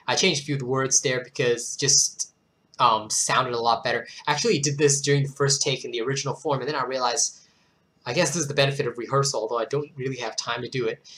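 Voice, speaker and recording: Hoarse host giving poems a theatrical reading, with loose, chatty asides between them. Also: mid-range voice, fast, a little hiss or hum. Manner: expressive, theatrical recitation, then chatty and self-deprecating. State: hoarse, worn-out throat. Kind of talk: dramatic poetry reading with casual asides.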